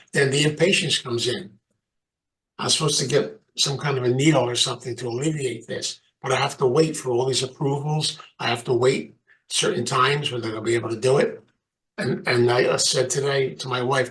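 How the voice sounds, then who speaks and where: A man's voice: medium pitch, brisk, fairly bright tone, poor audio. An older man giving an informal motivational talk to a recovery group, conversational and repeating phrases for emphasis. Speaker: recovery program speaker.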